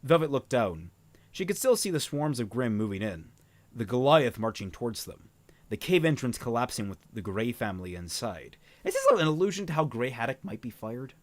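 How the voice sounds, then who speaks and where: A man reads a story aloud on his stream, his mid-range voice rising and falling with lively energy. He stumbles and restarts often, filling gaps with "uh". Now and then he breaks off to comment. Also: medium pitch, moderate pace, dry recording. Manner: animated reading, frequent fillers and restarts. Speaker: reader and streamer. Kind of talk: reading a fan novel aloud with commentary.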